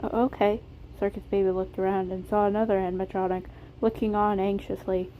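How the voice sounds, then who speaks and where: A woman reading her fan fiction story aloud in a steady, plain narration, recorded on a phone. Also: mid-range voice, fast, muffled recording, slight background noise.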